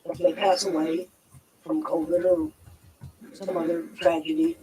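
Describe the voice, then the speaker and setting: An older woman, a grandmother, speaking with soft-spoken grief in an interview clip. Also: lowish voice, fairly even intonation, moderate pace, background noise. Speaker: grandmother of a missing child.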